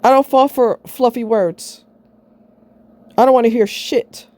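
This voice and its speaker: Blunt, mellow-voiced woman telling a story. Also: on the high side, fairly even intonation, unhurried, dry recording. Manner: blunt, sarcastic, swears freely. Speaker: vlogger.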